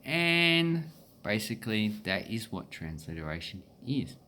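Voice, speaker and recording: A man with an Australian accent explaining pronunciation in a relaxed, meandering way, with filler pauses. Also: fairly low pitch. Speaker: language teacher. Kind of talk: casual explanatory lesson.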